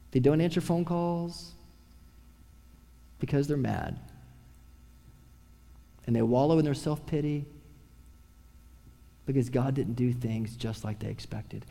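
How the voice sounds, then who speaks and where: A man preaching a sermon, swinging from a raised voice to hushed, quiet tones. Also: on the high side, creaky, long reverb tail. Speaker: pastor.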